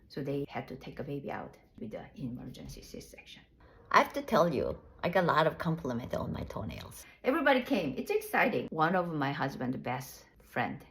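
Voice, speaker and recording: A vlogger with a low, deep-set voice tells her birth story in plain, frank, casual storytelling rather than a performance. Her phrasing is loose and halting, with frequent restarts and laughter at herself, and the audio quality is poor.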